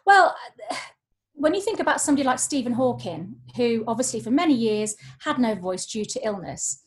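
Animated woman voice coach. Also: a little high, normal speed. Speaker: voice coach guest. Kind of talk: podcast conversation.

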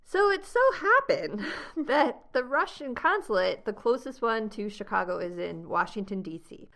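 A young American woman hosting a travel podcast, telling a story in a lively, laughing way. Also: fairly high pitch, normal speed. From United States. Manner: animated storyteller, laughs often. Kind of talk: casual storytelling chat.

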